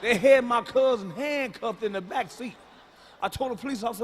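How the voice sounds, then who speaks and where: A man performing a stand-up comedy set, talking in a loud, profane way with hollering bursts. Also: very high voice, fast talker. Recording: live hall reverb with faint room noise.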